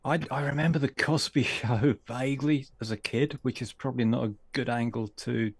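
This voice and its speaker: A man's voice: mid-range voice, steady tone, brisk, slightly rough, no echo. A British man from the UK, a guest on a casual comedy podcast, joking in a dry, self-deprecating way.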